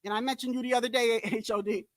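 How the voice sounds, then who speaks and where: A man's voice: extremely high pitch, fairly even intonation, quick pace, no room sound. A man hosting a boxing channel, ranting in a casual commentary style. He talks bluntly and emphatically, curses, repeats himself for emphasis, and speaks straight to his viewers. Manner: emphatic, repetitive, blunt and profane; addresses viewers directly, often says "bro".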